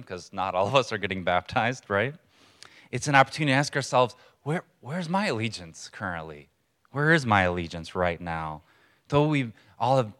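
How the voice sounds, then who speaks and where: A man preaching a sermon in a church to a congregation, in a conversational, earnest way with pauses for emphasis. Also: on the low side, a bit bright. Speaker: pastor.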